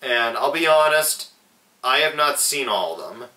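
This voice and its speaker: A man's voice: medium pitch, expressive, bright, forceful tone. A young adult man reviewing a movie in a casual vlog. He rambles, swears a lot and often restarts his sentences. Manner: slow, rambling and profane, with lots of restarts. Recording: echoey room, mic at a distance.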